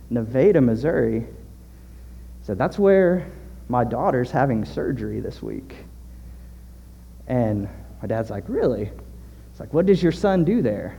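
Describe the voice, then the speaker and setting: A man from Southern Illinois preaching a sermon, telling a story and acting out the dialogue in lively voices. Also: mid-range voice, creaky. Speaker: pastor. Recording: dull lo-fi sound with long hall reverb.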